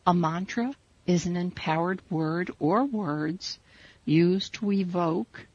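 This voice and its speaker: A woman teaching a spiritual meditation, guiding listeners in slow, measured, soothing instructions. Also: lowish voice, a little mellow, no echo. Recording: dull lo-fi recording.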